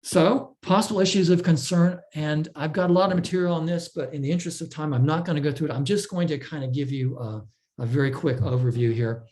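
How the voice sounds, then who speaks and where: A man presenting a technical talk, explaining step by step in a measured way with frequent fillers and restarts. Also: a little high, steady tone, a little mellow. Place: online talk.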